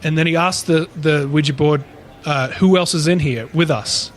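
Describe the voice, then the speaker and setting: A man's voice: a little high, moderate pace. A man co-hosting a podcast, casually retelling a paranormal story in a rambling way, with frequent swearing. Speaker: podcast co-host.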